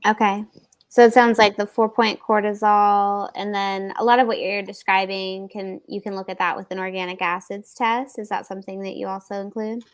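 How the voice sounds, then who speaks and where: A woman's voice: mid-range voice, level tone, normal speed. A woman hosting an interview, asking short questions and giving brief affirmations. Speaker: host. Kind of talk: casual interview over video.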